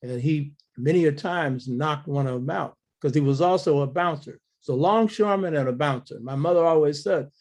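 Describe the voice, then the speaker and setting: A man's voice: on the high side, normal speed, few pauses, darkish tone. An older man telling a family story in an interview, blunt and earthy, acting out the quoted dialogue.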